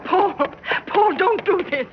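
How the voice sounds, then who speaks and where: Protective 1950s housewife, firm and soothing; dull old radio sound. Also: female voice, extremely high pitch, lively intonation, slow pace, noisy background, exaggerated voice. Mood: worried. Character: calm, firm middle-aged mother shielding her son. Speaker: mother and wife. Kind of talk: 1950s radio drama acting.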